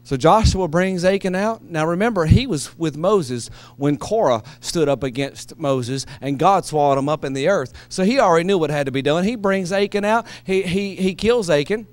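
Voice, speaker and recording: A man preaching a sermon, moving between quiet, low asides and loud, shouted passages. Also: normal speed, few pauses, dry recording. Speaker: pastor.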